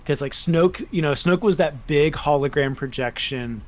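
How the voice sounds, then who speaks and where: Guy cohosting a fan podcast, chatty and animated, kinda high voice. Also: moderate pace. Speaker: podcast co-host. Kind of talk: casual fan chat.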